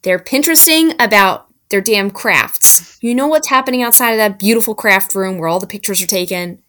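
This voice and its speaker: A woman from Southern New Jersey, co-hosting a casual podcast chat with blunt, salty humor and quick agreeing interjections. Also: mid-range voice, a bit bright. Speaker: podcast co-host.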